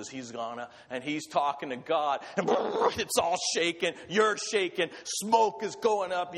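High-voiced animated preacher in a reverberant hall. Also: male voice. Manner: animated, self-correcting, asides to the congregation. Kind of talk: sermon with scripture reading.

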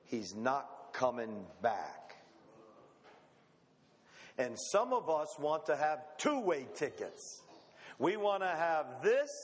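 Folksy preacher man in echoing hall. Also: on the high side. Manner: folksy, conversational preaching with rhetorical questions. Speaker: pastor. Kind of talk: sermon. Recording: long hall reverb.

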